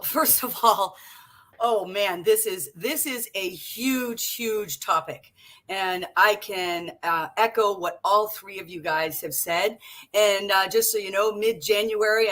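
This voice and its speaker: Frank woman in her 60s, psychologist, bright forceful voice, tells it like it is. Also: mid-range voice. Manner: frank, animated storyteller. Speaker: psychologist and coach. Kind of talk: casual panel talk.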